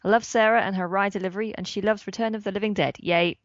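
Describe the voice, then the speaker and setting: A woman's voice: medium pitch, fairly even intonation, quick pace, dry recording, muffled recording. A woman co-hosting a podcast, reading listener mail and chatting while laughing. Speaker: podcast co-host.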